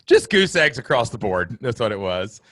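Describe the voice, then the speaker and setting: A man's voice: medium pitch, big pitch swings, normal speed, a bit bright, no room sound, clean studio sound. A man hosting a podcast interview, talking with enthusiastic, effusive and emotional energy. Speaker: podcast host.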